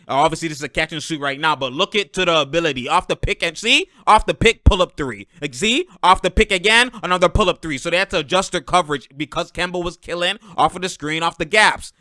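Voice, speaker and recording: A man casually breaking down basketball plays as the host, animated and quick to act out what players say. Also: fairly high pitch, clean tone, dry recording, clean studio sound. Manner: animated, quotes players in put-on voices. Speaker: sports commentator.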